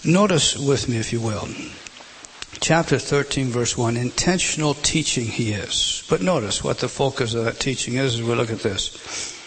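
A man preaching a sermon, moving between a spoken delivery and dramatic drops to a hushed whisper. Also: mid-range voice, normal speed, slight background noise, low-quality recording.

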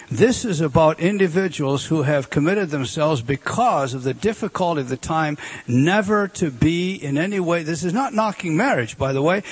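A man's voice: fairly high pitch, breathy edge. A man preaching an expository sermon to a congregation. He is emphatic, repeats key words and asks the room questions.

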